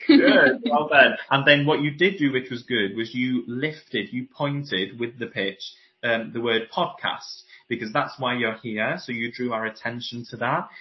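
Baritone voice teacher, demonstrating. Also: male voice, unhurried, hardly any pauses. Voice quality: classical baritone. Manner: demonstrates vocal exercises and tones while explaining. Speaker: voice teacher and guest. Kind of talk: explanatory podcast interview. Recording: dull lo-fi podcast audio.

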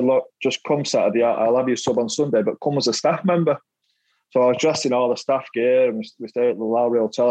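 A man's voice: mid-range voice, darkish tone, no echo, poor audio. A middle-aged man, a podcast guest telling stories in casual chat, laughing often and stumbling over repeated words. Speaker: podcast guest, former footballer.

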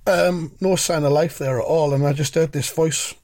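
A man co-hosts a comedy podcast and tells absurd tales in a dry, understated way. His voice sits high and has a gravelly edge. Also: steady tone, normal speed, darkish tone. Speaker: podcast co-host. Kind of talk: deadpan comic storytelling.

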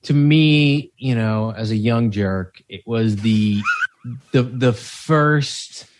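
A man in easy podcast chat circles his point about a film. He stumbles and restarts as he thinks aloud. His voice sits at an ordinary pitch. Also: slow, background noise. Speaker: podcast co-host.

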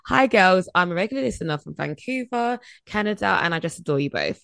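A woman's voice: lowish voice, lively intonation, a little fast, vocal fry, fairly bright tone, no echo. A woman in her late twenties co-hosting a chatty podcast over a video call, laughing often and reading listener messages aloud. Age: late 20s. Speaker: podcast co-host. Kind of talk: casual chat.

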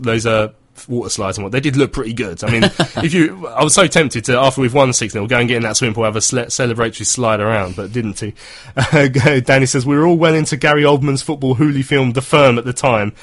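A man's voice: medium pitch, a bit bright. A man in his thirties hosting a casual football chat, chatty and laughing often as he reads out listener messages. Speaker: football podcast host.

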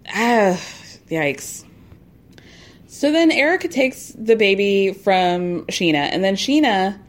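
A woman's voice: medium pitch, a little mellow. Opinionated woman recapping reality TV. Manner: opinionated, sarcastic, exasperated asides; acts out quotes in put-on voices. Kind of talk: casual recap commentary.

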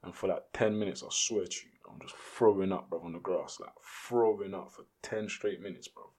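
A man, a podcast guest telling a story in casual, slangy, animated speech. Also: deep voice, fairly quick.

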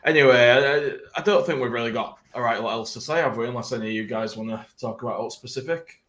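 A man's voice: medium pitch, fast, a bit bright, echoey room. A man hosting a casual podcast chat, rambling and self-mocking, easily breaking into laughter. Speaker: podcast host.

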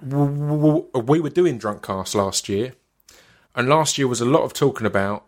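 A man's voice: mid-range voice, expressive, normal speed. A man, hosting a podcast and telling a story in casual, sweary chat with stammered restarts. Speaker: podcast host.

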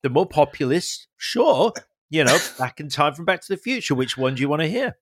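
A man's voice: fairly high pitch, sing-song, a little fast, a bit bright, dry recording, clean studio sound. A man hosting a podcast interview in casual chat, upbeat and steering the guest with questions. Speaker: podcast host.

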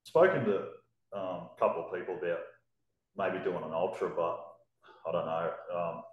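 A man as a podcast guest, talking casually and hesitantly with many pauses and ums. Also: low-pitched, fairly even intonation, dull audio. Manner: hesitant, lots of ums, matter-of-fact. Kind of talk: casual chat. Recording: echoey room.

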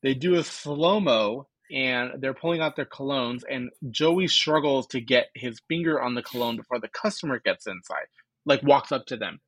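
A man's voice: mid-range voice, normal speed, fairly bright tone, no echo. A man co-hosting a podcast, casually recapping episode scenes and laughing as he quotes the characters. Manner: retells scenes with quoted lines, laughs often. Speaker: podcast co-host.

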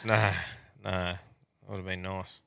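Deep-ish Aussie host with a bright, crisp voice. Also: male voice, measured pace, no echo, clean studio sound. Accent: Australian. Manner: relaxed, sweary banter. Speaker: podcast host. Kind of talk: casual chat.

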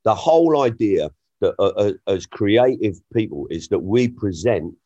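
A man who works as a stand-up comedian, chatting casually and telling jokes in a lively, storytelling way. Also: unhurried, lo-fi sound. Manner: animated storyteller, jumps in pitch for punchlines. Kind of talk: casual podcast conversation.

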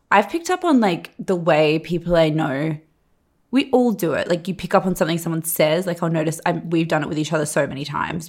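Woman, young adult, lower voice, podcast co-host, casual chat, emphatic, swearing.

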